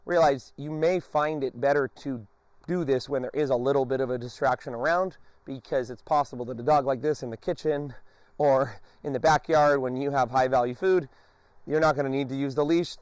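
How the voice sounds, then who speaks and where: A man training a dog on a leash, explaining each step calmly and breaking off to praise and give commands to the dog. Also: mid-range voice, fairly quick, clear, resonant tone, no echo. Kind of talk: instructional demonstration.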